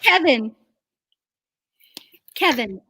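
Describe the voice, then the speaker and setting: A woman's voice: high-pitched, big pitch swings, very slow, pushed and bright, slightly rough, dry recording. A woman hosting an improv game, cheerful and laughing as she calls out players' names. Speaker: improv host.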